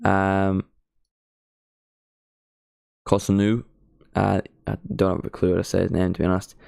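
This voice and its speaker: Irish teen guy rambling on a football stream, lowish smooth voice, dry close sound. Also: completely flat delivery, measured pace, darkish tone, dry recording. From Ireland. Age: teens. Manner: chatty, rambling, self-mocking. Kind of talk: casual live-stream chat.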